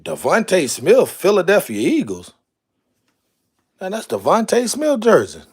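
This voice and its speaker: A man's voice: sits high, huge pitch swings, a little slow, a little mellow, slightly rough. A man chatting casually on a live stream, exclaiming to himself as he goes through jerseys. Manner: drawling, exclaiming to himself while sorting jerseys.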